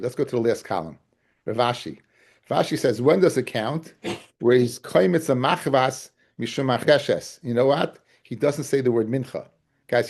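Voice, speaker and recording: A man's voice: medium pitch, creaky, a little mellow. A man teaching a Talmud class, repeating key points and often asking his students whether they follow. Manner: keeps checking his class understands, calls them guys and fellas; repeats key phrases and restarts to drive points home. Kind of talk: Talmud study lecture.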